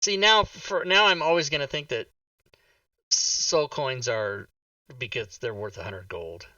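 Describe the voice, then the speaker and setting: A man's voice: medium pitch, unhurried, sharp tone, no echo, far from the mic, lo-fi sound. A man playing in a tabletop game who chats casually and jokes. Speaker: player. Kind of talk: casual chat.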